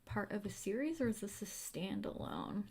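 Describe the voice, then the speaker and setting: Young woman chatting on a stream, talks back to comments, relaxed and casual. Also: medium pitch, normal speed, slightly rough. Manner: chatty, answering viewer comments. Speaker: livestream host. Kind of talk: casual chat.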